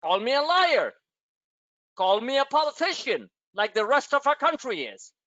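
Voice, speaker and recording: A man's voice: very high voice, very animated, normal speed, bright, forceful tone, no echo, lo-fi sound. A man hosting a stock trading webinar, talking bluntly and emphatically, swearing and repeating himself for effect. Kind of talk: live trading webinar rant.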